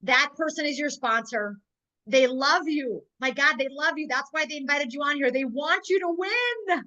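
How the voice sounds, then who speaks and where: A woman's voice: high voice, lively intonation, normal speed, sharp tone, dull audio. A woman from North Dakota hosting a sales call, speaking in a fervent, repetitive rallying way while close to tears. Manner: emotional, on the verge of tears. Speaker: host of a sales webinar. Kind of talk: emotional motivational pitch.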